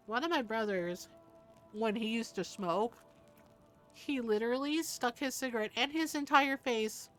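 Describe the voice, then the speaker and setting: A woman's voice: fairly high pitch, a bit bright. A woman streamer chatting candidly over gameplay, laughing often and swearing casually.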